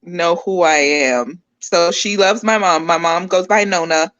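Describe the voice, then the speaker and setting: A woman comedian, a guest on a podcast, chatting casually and acting out her baby's reactions with lively humor. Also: lowish voice, a little slow, no room sound, dull audio. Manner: lively storyteller who acts out her baby's voice. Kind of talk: casual chat.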